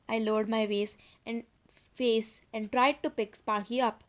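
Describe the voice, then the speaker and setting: A woman narrates a spooky children's story for an audiobook, drawing out the tension line by line. Her voice sits slightly high, and she now and then turns to her listeners directly to warn them of what's coming. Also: fairly even intonation, unhurried. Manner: suspenseful, addresses listeners directly. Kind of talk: dramatic audiobook reading.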